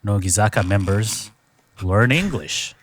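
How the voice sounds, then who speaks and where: A man hosting a podcast in casual chat, recapping with a relaxed, filler-heavy storytelling manner. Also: on the low side, measured pace, slight background noise. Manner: laid-back storytelling with lots of fillers. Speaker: podcast host.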